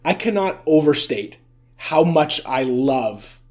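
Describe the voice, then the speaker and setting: A man's voice: on the high side, animated, takes it slowly, a little mellow. A man giving casual, chatty vlog commentary, amused and full of fillers. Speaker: video essay vlogger.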